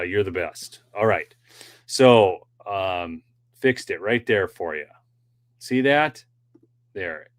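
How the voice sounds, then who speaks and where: A man hosting a political commentary livestream, chatting directly with his viewers in a loose, rambling way with many fillers. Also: fairly low pitch. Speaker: political commentary show host.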